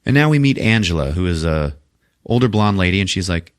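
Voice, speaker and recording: Man, podcast host, low voice, dry close sound, casual joking movie recap. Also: lively intonation, fairly quick, no room sound. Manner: profane, joking, laughs often.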